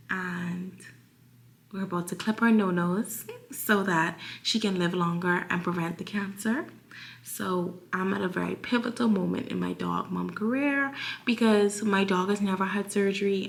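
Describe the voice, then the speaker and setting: Chatty woman vlogger with vocal fry. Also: on the low side, fairly even intonation, moderate pace, reverberant. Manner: chatty, talks straight to viewers as y'all. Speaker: lifestyle vlogger. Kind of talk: casual chatty Q&A while cooking. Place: home kitchen.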